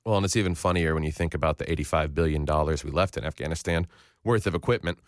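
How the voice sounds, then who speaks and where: A man's voice: extremely low pitch, quick pace, no echo, clean studio sound. A man in casual on-air banter as a radio news anchor, laid-back and joking.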